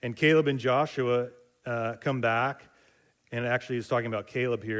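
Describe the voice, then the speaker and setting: A man teaching a Bible study in a relaxed, conversational way, retelling passages with asides and small fillers. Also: mid-range voice, fairly quick.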